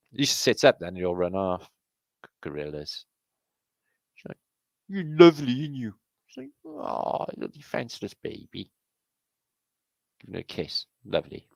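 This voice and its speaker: Deep, gravelly British man rambling excitedly. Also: dry recording. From Britain. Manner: rambling, excitable, swears freely. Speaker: host. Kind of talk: casual commentary on pictures.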